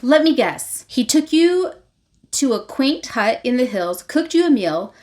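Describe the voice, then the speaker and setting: A woman reading a recap aloud as she voices a sharp-tongued young woman who talks in cryptic, teasing quips. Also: sits high, very animated, measured pace, pitched above the performer's own voice. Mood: smug.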